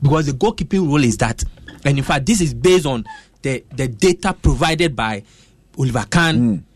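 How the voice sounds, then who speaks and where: A man's voice: mid-range voice, lively intonation, normal speed, husky, no echo. A man giving football analysis on a radio show. He talks emphatically, with hesitant restarts and pidgin turns.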